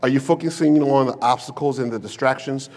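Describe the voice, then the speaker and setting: A man's voice: mid-range voice, fairly quick, darkish tone. A male pastor preaching a sermon to a congregation in a church, mixing humor, slang and rhetorical questions into his storytelling. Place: church sanctuary with a live congregation.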